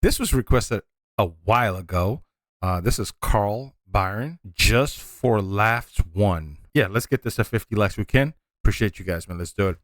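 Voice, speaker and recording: Laid-back American man, low dry voice. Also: normal speed, a bit bright, no echo. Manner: laid-back and chatty, says "man" a lot. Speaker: reaction video host. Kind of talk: casual reaction commentary. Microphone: studio microphone.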